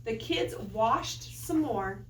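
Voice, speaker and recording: A woman teacher reading a picture book aloud to children, animated and playful, with playful asides. Her voice is high and swoops widely. She sounds far from the mic in an echoey room with faint background noise. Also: slow pace.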